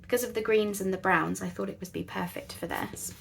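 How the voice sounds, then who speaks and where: A woman's voice: mid-range voice, a little fast, gravelly, slight background noise. A woman hosting a casual craft tutorial, chatting in a rambling, self-deprecating way at her craft table at home. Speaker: crafting channel host.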